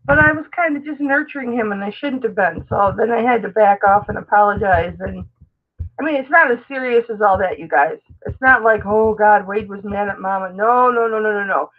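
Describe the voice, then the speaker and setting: Middle-aged lady chatting on a live stream, fairly high voice, tinny like a phone, affectionate and chatty. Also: brisk. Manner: chatty, affectionate, reads and answers viewer comments aloud. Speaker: live-stream host, reseller. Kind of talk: casual live-stream chat.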